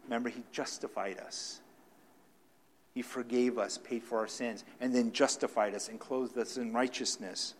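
A man delivers a sermon at a middle pitch, talking it through without a script. He stumbles into restarts and fillers, then lands hard on key words before dropping to quiet asides. Plain and direct, a preacher working through his point out loud. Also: moderate pace. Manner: swings between loud emphatic stresses and quiet asides.

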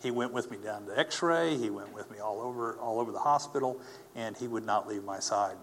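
A man telling a personal faith testimony as a story, earnest and animated, acting out the people he quotes. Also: fairly low pitch, a little fast, slight background noise. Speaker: speaker giving a personal testimony.

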